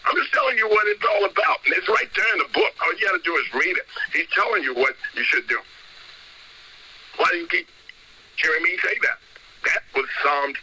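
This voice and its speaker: A man's voice: medium pitch, pushed and bright, slightly rough, low-quality recording. A man preaching on a call, reading verses and repeating blunt commands in an emphatic, scolding way. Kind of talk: sermon-style scripture talk.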